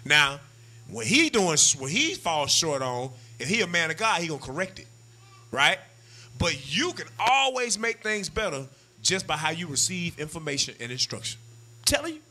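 At a moderate pace and fairly high pitch, a man preaches a street-style sermon. He's animated and slangy, acting out what husbands and wives say to each other.

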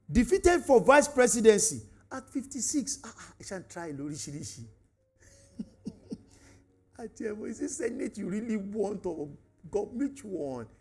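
A man with a Nigerian accent, a pastor preaching a sermon, animated, shifting from shouted asides with laughter to hushed prayer. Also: high voice, breathy edge. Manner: laughing asides, Yoruba interjections. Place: church hall.

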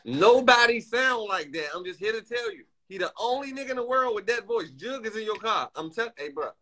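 Excitable young man with a lively voice. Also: high voice, a little fast. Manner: excitable, teasing, laughs a lot, crude slang. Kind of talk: casual live-stream chat.

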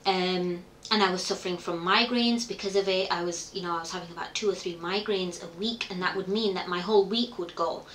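A woman's voice: fairly low pitch, fairly even intonation, brisk, few pauses, fairly bright tone, a little hiss or hum. A middle-aged woman, telling her story openly and reflectively as an interview guest, often voicing her own past thoughts. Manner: open, reflective storytelling with quoted inner thoughts. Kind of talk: candid conversational interview. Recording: echoey room.

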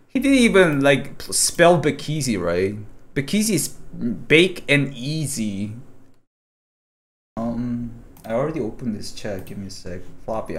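A man streaming live, commenting casually on gameplay clips, animated and profane, laughing often. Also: medium pitch. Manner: animated, swearing, frequent laughter. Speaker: streamer investigating cheaters.

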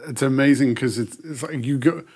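A man's voice: medium pitch, a little fast, a little mellow, slightly rough. A man interviewing a guest, mostly giving short affirming replies. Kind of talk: casual interview.

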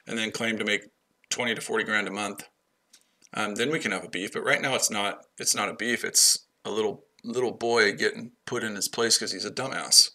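A man's voice: fairly low pitch, bright, forceful tone. A man hosting a trading livestream, brash and profane, chatting to viewers by name and trash-talking rivals. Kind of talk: casual livestream chat.

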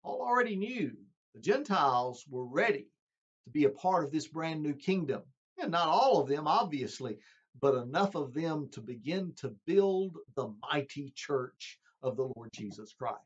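Casting note: a man preaching a sermon, earnest and emphatic, with a slightly high, husky voice. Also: big pitch swings, moderate pace. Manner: earnest, emphatic, addresses listeners as friends. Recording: dull lo-fi sound.

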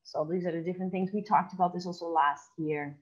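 A woman teacher explaining to her class in a lecture, often checking in with a quick tag question and slowing down to read examples aloud. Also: fairly low pitch, fairly even intonation, dull audio.

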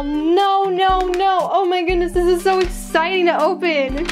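A young woman opening fan mail on camera, chatting casually and gushing with excitement over each item. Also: very high voice, unhurried, hardly any pauses, faint music behind. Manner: gushing, excitable, exclaims often. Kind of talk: casual unboxing chat.

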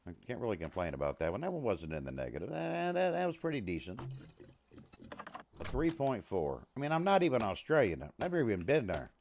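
Male streamer, lively pitch, casual banter with his chat. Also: brisk, slight background noise. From USA. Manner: chatty, talks to his chat and his dog, jokey. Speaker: streamer playing a survival game.

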